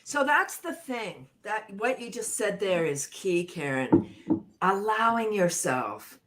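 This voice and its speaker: A woman's voice: mid-range voice, sing-song, takes it slowly, a bit bright. A woman guest leading laughter yoga exercises on a talk show, bubbly, laughing often and chanting and cheering along.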